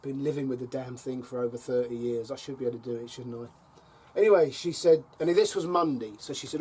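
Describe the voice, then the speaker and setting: A man's voice: mid-range voice, fairly quick, few pauses, darkish tone, slightly rough. A middle-aged man chatting casually to camera on his allotment, telling wry stories and chuckling between them. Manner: wry, chuckling storyteller with dry jabs. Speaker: allotment vlogger. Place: allotment plot by a fire.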